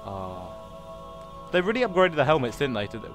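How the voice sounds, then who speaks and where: A man giving silly, excitable commentary while playing a video game. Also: mid-range voice, normal speed, long pauses, soft background music. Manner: silly, excitable, yelps and exclaims. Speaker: gaming video host. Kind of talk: let's play commentary.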